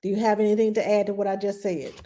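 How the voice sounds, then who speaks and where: A woman's voice: medium pitch, level tone, quick pace. A middle-aged woman, a nanny giving chatty parenting advice and answering viewer questions on a live stream. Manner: chatty, loose, reads viewer questions aloud and greets viewers brightly.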